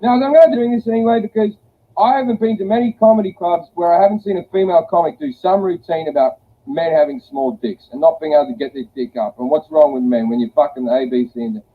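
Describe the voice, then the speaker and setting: High-voiced man doing crude stand-up. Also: fast talker. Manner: crude, profane, blunt. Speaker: stand-up comedian. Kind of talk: stand-up comedy set. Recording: tinny phone-like audio with faint hiss.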